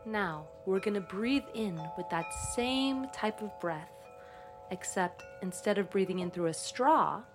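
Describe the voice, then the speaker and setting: Slow, calm woman coaching breath. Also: medium pitch, over music. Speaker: voice instructor. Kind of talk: guided breathing and voice exercise.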